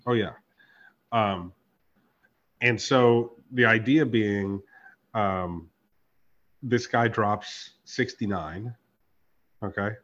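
A man's voice: lowish voice, drawn-out words, pauses often, a bit bright. A man hosting a podcast, telling a story in casual chat. He swears freely and acts out both sides of every exchange. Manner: profane, storytelling with reenacted dialogue. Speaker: podcast host. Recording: dull lo-fi podcast audio.

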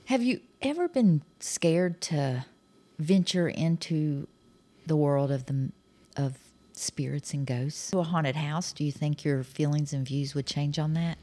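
A woman with a notably low voice hosts a casual podcast interview. She asks her guest friendly, curious questions. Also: a little slow, warm tone. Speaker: podcast host.

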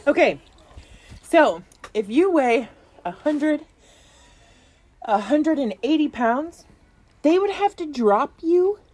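Woman rambling on a podcast, kinda high voice, swings up and down a lot, laughs and swears. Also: lively intonation, slow pace, long pauses, darkish tone, a little hiss or hum. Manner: rambling, giggly, swears freely. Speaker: podcast co-host. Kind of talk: casual chat.

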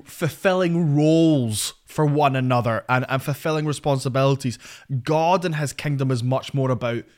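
Soft-spoken young Northern Irish man. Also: mid-range voice, normal speed. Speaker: podcast co-host. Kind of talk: casual chat, faith podcast.

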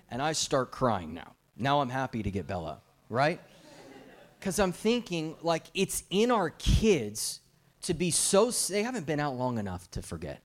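Man preaching a lively storytelling sermon. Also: on the high side, a little slow. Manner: animated storytelling with jokes. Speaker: guest preacher.

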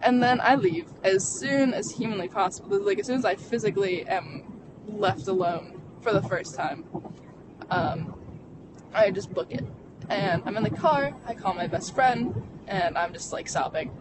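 A young adult vlogger recounts a personal story in a candid, halting way, stumbling through fillers and restarts. The voice sits at a middling pitch. It was recorded inside a car, with road noise clearly heard underneath. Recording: vehicle noise behind.

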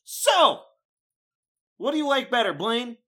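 A young man in casual podcast banter, sarcastic and quick to swear. His pitch swings up sharply when he is exasperated. He talks loosely, like he is with a close friend. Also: big pitch swings, sharp tone. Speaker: podcast co-host.

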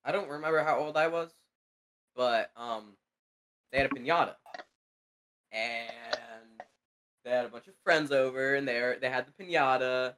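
A man's voice: medium pitch, unhurried, pauses often, a bit bright. A young man co-hosting a podcast over an online call, offhand and apologetic with dry jokes. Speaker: podcast co-host. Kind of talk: casual chat.

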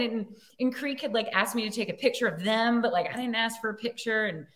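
Animated, giggly woman telling a story. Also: fairly high pitch, brisk, few pauses. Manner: animated, giggly, lots of "like" fillers. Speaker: podcast guest, actor. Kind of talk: casual storytelling chat.

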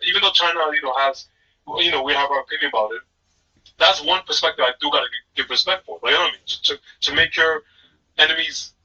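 A man from the northeastern United States rattles on in casual podcast chat, animated, laughing often and checking in with his co-host. His voice is very bright and a little husky, and it comes at a quick clip. The recording is dull and lo-fi, with him sitting back from the mic. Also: a little high. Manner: animated, laughs often, repeats "you know what I mean". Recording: muffled, distant, lo-fi mic.

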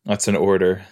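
A man's voice: fairly low pitch, a little mellow. A man hosting a podcast, chatting playfully as he reacts to a show he is watching. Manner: chatty, playful, talks to the screen. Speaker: podcast host. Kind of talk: casual watch-along reaction.

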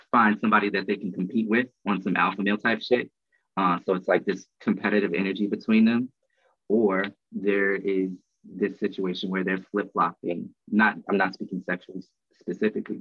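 A man's voice: deep voice, breathy edge, no room sound. A man hosting a podcast discussion, talking in a thoughtful, hedging way. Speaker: podcast host. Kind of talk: casual discussion. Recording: dry tinny phone-like line.

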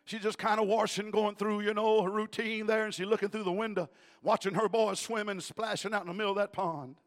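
A male evangelist preaching in a church, telling a story emphatically and rising to shouts. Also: sits high, fairly even intonation, brisk. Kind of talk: storytelling sermon.

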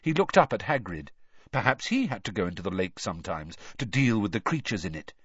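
A male audiobook reader with a lively, rising and falling pitch, telling the story expressively. The sound is dry and a little dull, like a close booth recording. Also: brisk, breathy edge, dry recording. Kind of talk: scripted narration.

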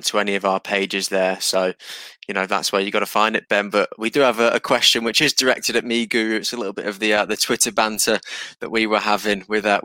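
Bright-toned, dry-sounding male podcast host. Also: on the low side, clean tone, no echo. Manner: chatty, teasing, frequent fillers. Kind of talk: casual fantasy football chat.

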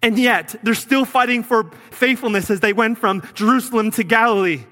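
High, bright-voiced man preaching. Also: moderate pace, long reverb tail. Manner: earnest preaching, drops low and quiet for emphasis. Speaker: pastor. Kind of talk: sermon.

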